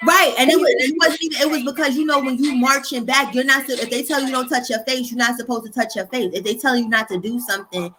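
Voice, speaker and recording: A young woman telling stories in a casual chat, animated and profane, acting out the voices of people she quotes. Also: high voice, fast talker, few pauses, over music. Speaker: host.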